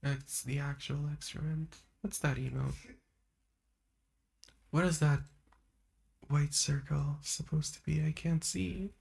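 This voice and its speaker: Slow, soft-spoken woman streamer. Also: deep voice, steady tone, gravelly, breathy edge. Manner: meandering, chatty, laughs often. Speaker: livestream host. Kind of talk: soft-spoken ASMR chat. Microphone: streaming microphone.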